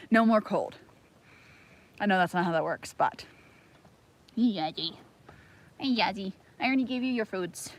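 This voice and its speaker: A woman's voice: on the high side, a bit bright. Chatty rambling woman homesteader, upbeat. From Ohio. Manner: chatty, rambling, easily distracted, talks to her dogs. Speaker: homesteader livestreaming. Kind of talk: casual livestream chat. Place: outdoors on a homestead.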